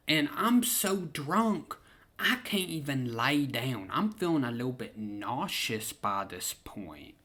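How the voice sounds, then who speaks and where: A young adult vlogger with a drawl, telling a story at an unhurried, drawn-out pace. The talk is loose and profane, full of fillers and easygoing asides, with the pitch sitting in a middle register. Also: animated, fairly bright tone. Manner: profane, laid-back storytelling. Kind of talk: casual storytime.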